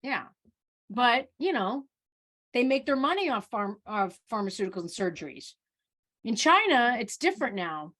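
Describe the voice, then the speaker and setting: A woman's voice: a little high, very animated, normal speed, fairly bright tone. A woman doctor of Oriental medicine hosting a live Q&A over a video call, talking casually and animatedly, often restarting and repeating words.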